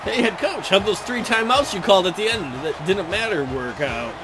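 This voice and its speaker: A man's voice: high-pitched, animated, normal speed, loud music behind the voice. A young man commentating his own football video game, frustrated and ranting at the coach. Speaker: gaming commentator. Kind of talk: let's play commentary.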